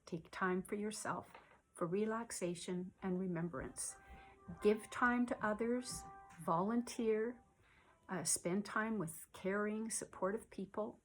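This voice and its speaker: A woman giving gentle self-care advice in a soft-spoken way, often sinking to a near-whisper, with many pauses and fillers. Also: medium pitch, faint music behind. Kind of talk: slow, gentle advice talk to camera.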